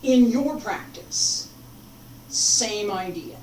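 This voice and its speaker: A woman teaching a martial arts form, talking slowly and stopping to demonstrate moves. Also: fairly high pitch, a little mellow, slight background noise. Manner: unhurried, breaks off mid-demonstration. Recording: echoey room, mic far off.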